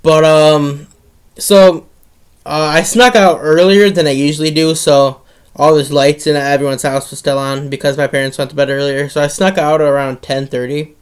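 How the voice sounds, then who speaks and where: A teenage boy recounting a late-night incident in a loose, rambling storytime monologue. His voice sits a bit high for a young man, and he keeps restarting sentences and dropping in casual swear words. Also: flat delivery, normal speed, smooth.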